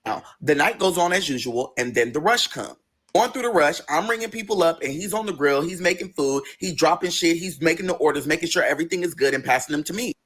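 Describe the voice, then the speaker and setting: A man telling a personal story in a storytime vlog, animated, dramatic and full of cursing. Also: a little high, quick pace, breathy edge.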